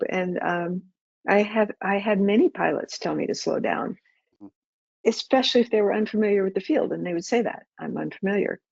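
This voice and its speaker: A woman's voice: mid-range voice, normal speed, vocal fry, a little mellow, no room sound. A middle-aged woman and former air traffic controller answering pilots' questions in a practical, conversational way, acting out radio calls. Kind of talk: webinar Q&A answers. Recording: dull muffled webinar audio.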